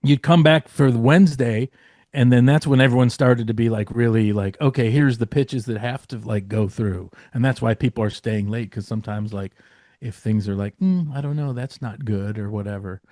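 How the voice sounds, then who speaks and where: A man's voice: medium pitch, fairly even intonation, normal speed, mellow, dry recording, studio quality. A man telling behind-the-scenes stories as a podcast guest, rambling with lots of fillers and casual swearing. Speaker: podcast guest, former comedy writer. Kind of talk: casual storytelling.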